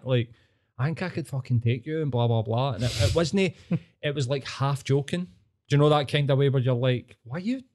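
Scottish man, podcast host, blunt storyteller, mellow voice. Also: mid-range voice. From Scotland. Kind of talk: casual chat.

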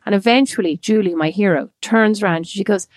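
An Irish woman in early adulthood, co-hosting a podcast and telling stories in a casual, animated way with many quoted asides. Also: medium pitch, a little fast, no room sound, clean studio sound. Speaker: podcast co-host. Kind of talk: casual chat, storytelling.

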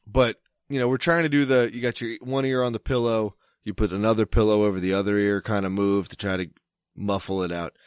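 A man's voice: fairly low pitch, steady tone, a little fast, clear, resonant tone, no echo, clean studio sound. A man from Maryland telling a long story in casual chat, rambling, swearing a lot and breaking off his sentences. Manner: rambling, profane, self-interrupting.

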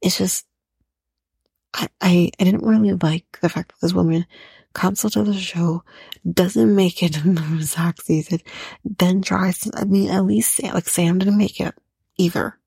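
A woman's voice: on the low side, steady tone, measured pace, creaky, mellow, slightly rough, no room sound. A young woman hosting a podcast, recapping a reality show in a profane, opinionated rant. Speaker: podcast host.

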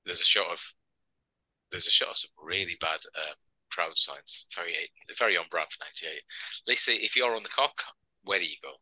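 Low-voiced man chatting. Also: fairly quick, pushed and bright, no room sound, rough recording. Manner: chatty, joking, rambling recaps. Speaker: podcast co-host. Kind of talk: casual chat.

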